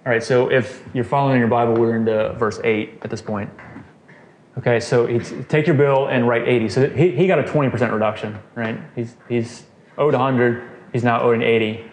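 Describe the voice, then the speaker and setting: A man's voice: medium pitch, fairly even intonation, moderate pace. Man, Bible study teacher, casual, questions the group, roomy echo, faint background noise. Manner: casual, quizzes the group, frequent "okay" and "right". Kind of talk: conversational scripture teaching.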